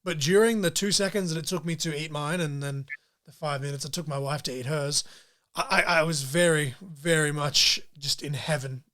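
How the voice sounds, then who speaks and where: A podcast host chats through an interview in a jokey, casual way, laughing frequently. His voice is fairly high, steady and fairly bright, at a moderate pace.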